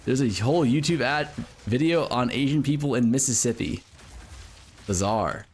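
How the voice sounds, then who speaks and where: An American man talks to his stream viewers in a rambling, unpolished way. He uses a lot of fillers, drops swear words easily, and keeps an ordinary middle pitch. A faint ambient noise sits under his voice. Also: normal speed. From United States. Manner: rambling, filler-heavy, swears and laughs often. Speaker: game streamer. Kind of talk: casual livestream chat with viewers.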